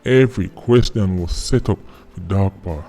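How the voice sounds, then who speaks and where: A man's voice: low voice, normal speed, vocal fry, mellow, faint music behind. A man with a Jamaican accent giving casual, mocking commentary in patois, often tagging his lines with "right?". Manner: mocking, repeating tag words like "right?".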